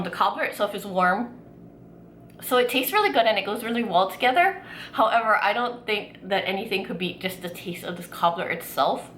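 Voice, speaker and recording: A woman food vlogger chatting excitedly while tasting desserts, gushing with lots of fillers. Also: medium pitch, echoey room, slight background noise. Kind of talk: casual food tasting vlog.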